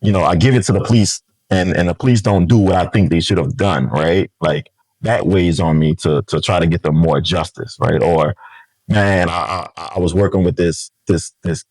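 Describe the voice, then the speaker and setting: Deep-voiced New man, earnest. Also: normal speed, a little mellow, dry recording, rough recording. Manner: earnest, repeats words and says "right?" and "man" often. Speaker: founder of a community organization, guest. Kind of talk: casual interview conversation.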